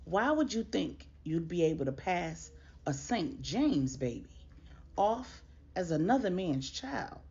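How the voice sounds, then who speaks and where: A woman voicing a stern older matriarch with a Trinidadian accent, scolding in a slow, measured way. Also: on the low side, very animated, darkish tone, husky, muffled recording, heavily acted.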